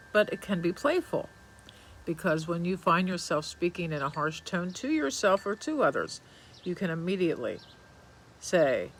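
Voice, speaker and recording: A man giving a reflective self-help talk in a calm, gentle, measured way, pausing to think between phrases. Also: high-pitched, a little hiss or hum, rough recording.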